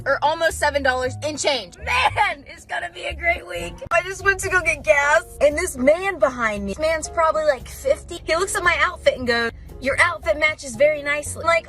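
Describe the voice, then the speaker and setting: A woman's voice: very high voice, fairly bright tone. A young woman telling funny stories about awkward encounters in a chatty, giggly way. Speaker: comedy creator. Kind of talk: storytime skits. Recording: faint music behind.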